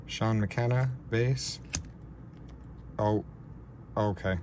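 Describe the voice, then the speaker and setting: A man with a lowish voice unboxes trading cards on camera and speaks in an unhurried, low-key drawl, sounding shaky with excitement. His commentary is recorded on a camera mic at a table, with a faint hiss of room noise behind it. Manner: slow, low-key talk between excited outbursts. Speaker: card-breaking channel host. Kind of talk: casual card-opening vlog.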